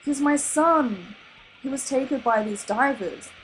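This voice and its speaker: A woman's voice: sits high, measured pace, a little hiss or hum, poor audio. A woman with an Australian accent voicing an anxious, protective male clownfish father, urgent and fretful, in a storybook reading. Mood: worried. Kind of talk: storybook read-aloud.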